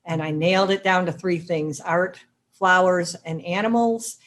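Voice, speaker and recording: A woman's voice: lowish voice, steady tone, unhurried. Emphatic middle-aged woman giving advice. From Chicago. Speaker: dog daycare owner, panelist. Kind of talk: panel discussion.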